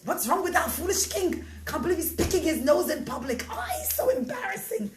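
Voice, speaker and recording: A woman's voice: very high-pitched, big pitch swings, a little fast, noisy background, pitched above the performer's own voice. A woman voicing scornful royal ministers who gossip and sneer about their king. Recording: echoey room.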